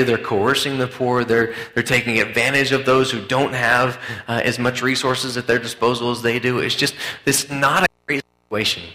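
Male pastor, conversational sermon, bright voice, roomy church sound. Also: medium pitch. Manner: conversational, hesitant, with many restarts. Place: church hall. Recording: echoey church room.

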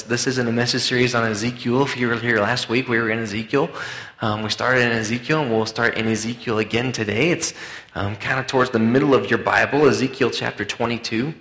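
Bright-voiced pastor in an echoey church. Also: male voice, mid-range voice. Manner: conversational, hesitant, with many restarts. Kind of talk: sermon. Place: church hall.

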